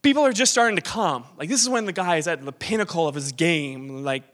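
High-voiced man preaching conversationally. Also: brisk, a bit bright. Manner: informal, self-questioning, frequent restarts. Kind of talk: conversational sermon.

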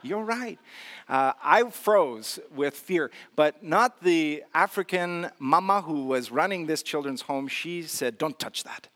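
A man's voice: a little high, expressive, takes it slowly, fairly bright tone. A man preaching a sermon in a conversational, storytelling way, with humor and frequent filler words. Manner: storytelling with humor and self-deprecation. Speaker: pastor.

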